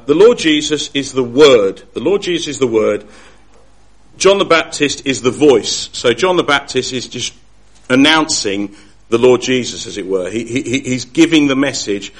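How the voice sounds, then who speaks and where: A man giving a Bible study talk, earnest and halting, often restarting his sentences. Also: mid-range voice, a bit bright. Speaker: Bible teacher.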